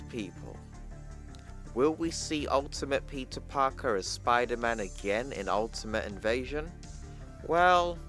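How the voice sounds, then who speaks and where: A man who hosts a comic book explainer channel casually recaps a storyline for his viewers, calling them "people" and relaying the dialogue plainly. His mid-range voice is a bit bright and chatty, with faint music underneath.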